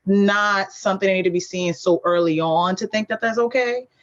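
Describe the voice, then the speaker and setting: A woman on a casual podcast chat, laying out her opinion in a measured way, point by point. Her voice is mid-pitched, and the audio sounds dull and lo-fi. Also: steady tone, noisy background. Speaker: podcast co-host.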